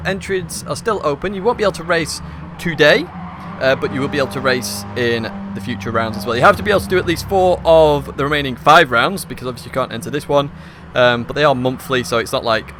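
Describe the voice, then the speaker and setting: A slightly hoarse man, hosting a live esports race stream from a hot room at home and commentating in a chatty, upbeat, rambling way. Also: fairly high pitch, brisk, fairly bright tone, a little hiss or hum.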